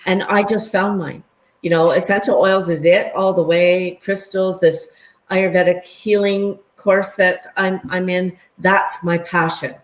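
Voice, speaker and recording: A woman's voice: on the low side, fairly even intonation, measured pace, a little hiss or hum. A woman in her fifties, a guest in a casual chat, speaking earnestly and emotionally. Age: 50s. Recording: echoey room.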